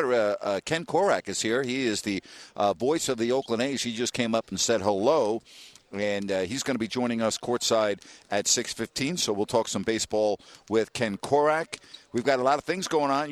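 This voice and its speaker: A man hosting a sports radio talk show, brash and needling as he takes calls and reads out the phone number. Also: mid-range voice.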